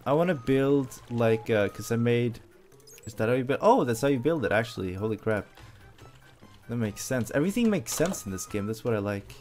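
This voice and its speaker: A man doing excitable let's play commentary, yelping when startled. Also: mid-range voice. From Sweden. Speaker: gameplay commentator.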